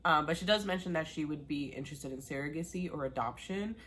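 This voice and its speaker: A woman's voice: deep voice, quick pace, fairly bright tone. A woman recapping a TV show in a casual, chatty way, laughing often and talking straight to her viewers. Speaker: TV recap vlogger.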